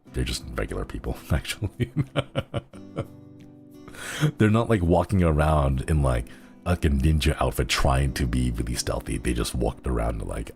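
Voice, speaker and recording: A young man with a very deep voice chatting casually on a livestream, rambling and giggling as he jumps between thoughts. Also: creaky, darkish tone. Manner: rambling, giggly, easily sidetracked. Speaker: streamer.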